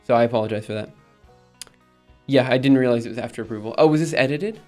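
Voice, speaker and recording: Casual male streamer talking through plans, halting and self-correcting, soft music underneath. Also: medium pitch. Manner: thinking aloud, many ums and restarts. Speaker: streamer and project maintainer. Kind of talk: casual live-stream chat.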